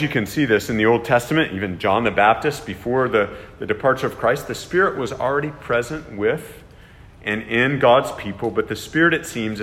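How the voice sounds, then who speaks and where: A man's voice: fairly low pitch, fairly bright tone. A man preaching a sermon, earnest and emphatic, his voice rising to plead and dropping to reflect. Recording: long reverb of a hall.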